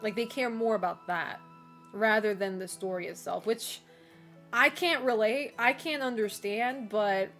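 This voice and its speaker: A woman talks with her stream's live chat at a measured pace, her mid-range voice fairly bright. The chat is casual and loose, full of "like" and "you know," with frequent laughter between remarks and soft music in the background.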